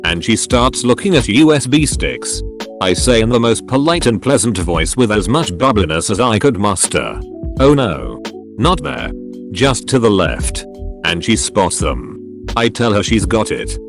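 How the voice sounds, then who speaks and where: A man with a low voice reads forum stories aloud, his pitch rising and falling a lot from line to line. He reads every typo and edit note just as it is written. Soft music plays quietly behind him. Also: very animated, moderate pace. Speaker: narrator. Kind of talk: reading online posts aloud.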